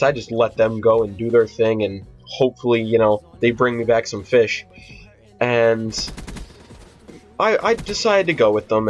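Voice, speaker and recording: A teenage boy tells a rambling, profane story in casual vlog style, with steady fillers and restarts. His voice sits at a medium pitch. The audio is dull and lo-fi with faint music underneath. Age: teens. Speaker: vlogger.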